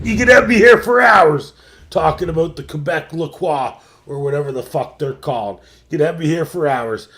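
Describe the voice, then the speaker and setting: A young man hosting a late-night sports livestream, ranting, swearing constantly and working himself up into shouting. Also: fairly high pitch. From Canada. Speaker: sports show host. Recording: roomy echo.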